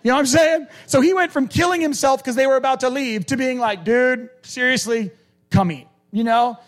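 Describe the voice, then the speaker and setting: A male preacher giving a conversational, animated sermon and acting out quoted lines. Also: very high-pitched, quick pace.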